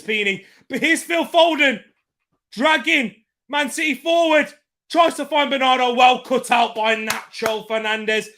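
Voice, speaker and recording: A man hosting a live football watchalong, reacting with excitable shouting commentary while hoarse from losing his voice. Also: extremely high pitch.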